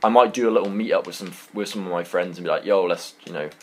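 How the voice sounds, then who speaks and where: A man's voice: deep voice, fairly even intonation, very fast, slightly rough. A young man with a British accent, telling a school story to his channel in a laid-back, rambling way with casual swearing. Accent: British English. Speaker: channel host.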